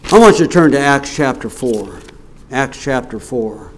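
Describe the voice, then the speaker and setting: A middle-aged man preaching a sermon, telling stories and swinging from quiet asides to loud, raised passages. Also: medium pitch, animated, moderate pace, slight background noise.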